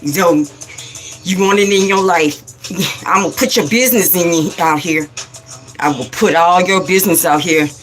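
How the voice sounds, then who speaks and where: A woman hosts a spiritual livestream with a somewhat low voice. She talks in a preachy, scolding, rapid-fire way, repeating phrases for emphasis. Faint music plays in the background. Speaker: livestream host.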